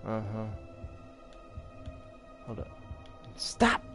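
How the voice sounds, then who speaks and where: A man's voice: fairly low pitch, very animated, very slow, over music. A man hosting a video game let's play, trash-talking and laughing at the enemies he fights. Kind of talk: gameplay commentary.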